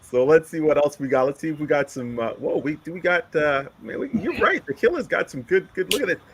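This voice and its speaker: A man's voice: a little high, expressive, brisk, slight background noise. A man co-hosting a live stream, reading viewer comments aloud in an upbeat, casual way. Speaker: stream co-host reading chat. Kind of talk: casual chat.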